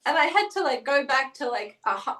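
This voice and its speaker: A middle-aged woman tells lively stories as an interview guest, often acting out what people said. Her voice sits fairly high. The sound is roomy and set back from the mic. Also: a little fast. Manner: chatty storytelling, acts out quotes. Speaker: guest, painter. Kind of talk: casual interview chat. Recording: roomy, from a distance.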